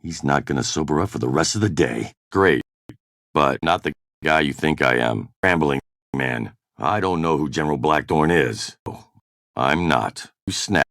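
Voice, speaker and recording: An actor playing a hard-bitten, mercenary privateer captain in video game voice-over takes, with curt, sardonic lines. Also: male voice, very deep voice, lively intonation, moderate pace, a bit bright, no room sound, studio quality, exaggerated voice. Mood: gruff. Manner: curt, sardonic one-liners. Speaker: voice actor in game recording sessions.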